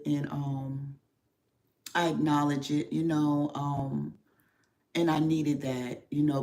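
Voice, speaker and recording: A middle-aged woman speaks to her livestream audience as a spiritual therapist, her voice emotional and confiding. She talks slowly and reflectively, pausing often and leaning on soft fillers as she searches for words. The tone is that of a personal, confessional talk. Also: low voice. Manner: slow, reflective, heavy with pauses and fillers.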